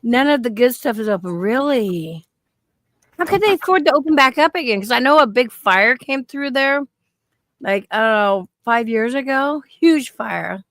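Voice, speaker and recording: Fifties woman, rambling storyteller, slightly high pitch, dry close sound. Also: expressive, normal speed, fairly bright tone, dry recording. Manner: rambling storyteller, laughs often. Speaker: stream co-host. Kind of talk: casual chat.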